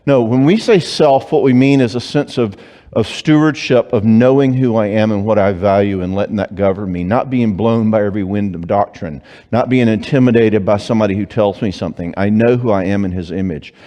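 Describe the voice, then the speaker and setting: Man lecturing in a reverberant church hall. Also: lowish voice. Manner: animated, joking, acts out clients and spouses in quick voices. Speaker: Christian psychologist speaking at a marriage conference. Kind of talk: conference talk.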